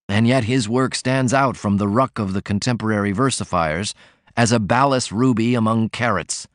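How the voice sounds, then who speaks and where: A man's voice: fairly low pitch, moderate pace, dry recording, studio quality. Man narrating a classic novel. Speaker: audiobook narrator.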